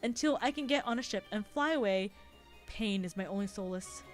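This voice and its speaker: A woman's voice: medium pitch, a little fast, soft background music, close to an everyday voice. A woman voicing a haughty, sinister female alien noble who broods over her loneliness as she reads a visual novel aloud. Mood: brooding. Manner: brooding, self-pitying monologue.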